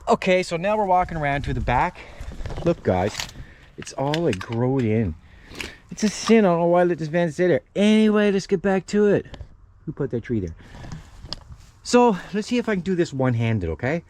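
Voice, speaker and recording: A man's voice: fairly high pitch, big pitch swings, normal speed, darkish tone, a little hiss or hum. A man hosting a casual how-to vlog outdoors by a van, talking to viewers as "guys" while he works one-handed with the camera in his other hand, a little out of breath. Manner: chatty, keeps addressing viewers as guys. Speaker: channel host. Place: outdoors beside a parked van. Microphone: handheld camera held while working.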